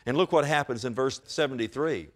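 A man's voice: mid-range voice, brisk. A man preaching a sermon as pastor, with emphatic rises and direct calls to his congregation.

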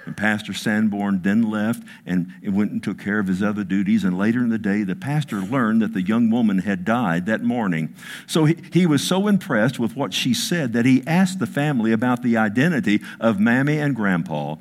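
A man preaching a sermon, telling stories with emphasis, his voice dropping hushed and then rising, with frequent asides like "listen" and "I mean.". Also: lowish voice, lively intonation, normal speed. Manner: storytelling, emphatic, swings between hushed and raised; repeats "listen" and "I mean" as fillers. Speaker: pastor.

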